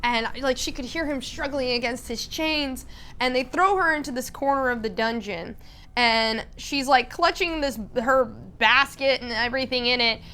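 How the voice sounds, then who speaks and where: A woman's voice: high voice, normal speed, bright, forceful tone, clear, resonant tone. A woman vlogger telling an enthusiastic, casual story, full of "like" and fillers. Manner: enthusiastic, filler-heavy with lots of "like".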